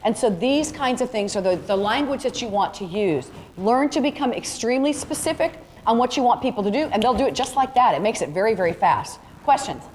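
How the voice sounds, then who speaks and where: Woman, higher voice, chatty workshop teacher, echoey hall, faint background noise. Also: lively intonation, fairly quick, hardly any pauses, a little mellow. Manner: chatty, direct, demonstrative, uses "y'all". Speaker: photography instructor. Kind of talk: live workshop lesson. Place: large room with a live audience.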